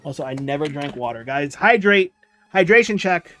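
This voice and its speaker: A man's voice: on the high side, expressive, normal speed, fairly bright tone. A tired young man chatting casually on a livestream, reading chat and rambling along. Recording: music playing faintly behind. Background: faint background music.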